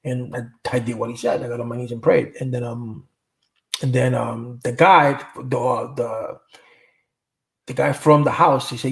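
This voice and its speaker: A man's voice: mid-range voice, steady tone, normal speed, gravelly. A middle-aged man hosting a livestream, answering viewer comments and telling stories in a rambling, casual way, full of street slang and cursing. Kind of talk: casual storytelling chat.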